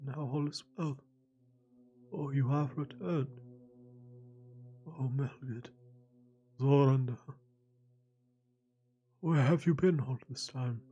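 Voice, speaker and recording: A man voicing a senile, guilt-ridden old knight in a dramatic reading of a text game, with a faint, slow, wavering voice. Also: medium pitch, fairly even intonation, warm tone, muffled recording, pitched above the performer's own voice, natural voice. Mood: dazed.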